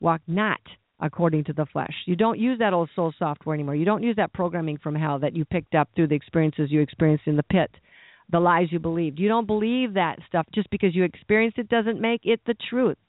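A man's voice: a little high, a little fast, no echo. A man preaching a sermon in a conversational, rambling way, asking the listeners questions and adding asides. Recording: dry, narrow phone-like sound.

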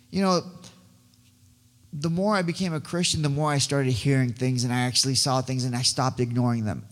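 A man giving a rambling, excitable personal testimony as a guest speaker, often stumbling and restarting his words. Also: mid-range voice. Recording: long hall reverb.

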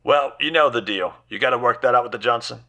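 A man voicing a pushy, shady street fixer with a Cockney-style London accent who talks fast and dodges questions. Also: medium pitch, pushed and bright.

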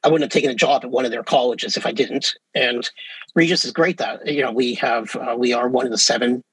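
Husky English Canadian man, chatty. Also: medium pitch, brisk, no room sound, rough recording. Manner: relaxed, chatty, frequent fillers and restarts. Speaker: professor and guest. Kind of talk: casual interview talk.

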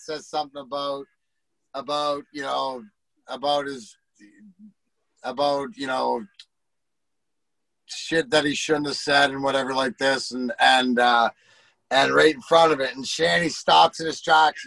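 A man's voice: mid-range voice, flat delivery, measured pace, vocal fry, long pauses, pushed and bright, dry recording, low-quality recording. A middle-aged man, a former hockey player, telling rambling, profane locker-room stories and acting out the quotes. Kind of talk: casual storytelling.

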